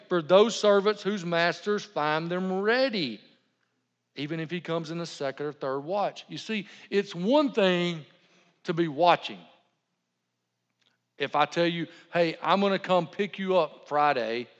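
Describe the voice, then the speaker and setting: Middle-aged male pastor, higher-pitched voice, folksy sermon style, recorded with long hall reverb and muffled lo-fi sound. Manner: folksy, conversational, playful asides. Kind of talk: sermon with humorous anecdotes. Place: church sanctuary.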